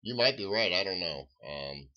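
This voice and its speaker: A man's voice: deep voice, animated, normal speed. A man chatting casually on a live stream, drawling and folksy as he answers viewers' comments. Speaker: live-stream coin seller. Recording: dull lo-fi stream audio.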